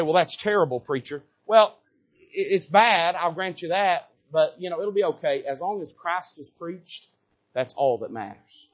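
A man preaching a sermon from a church pulpit, folksy and repetitive, building to shouts and then dropping low. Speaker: pastor. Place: church sanctuary.

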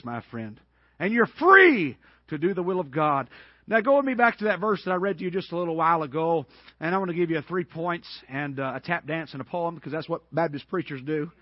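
Man, Baptist preacher, very high voice, dry muffled lo-fi sound. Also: fairly quick, no room sound. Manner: folksy, emphatic preaching with frequent amens. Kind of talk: sermon.

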